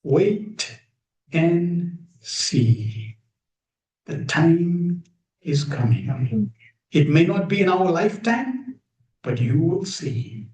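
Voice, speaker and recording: A man giving an emphatic devotional talk to a gathered group, pausing often and asking rhetorical questions, streamed live. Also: a little high, sing-song, a little mellow. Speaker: spiritual teacher. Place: room with a gathered audience. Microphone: streamed live over video call. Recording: echoey room.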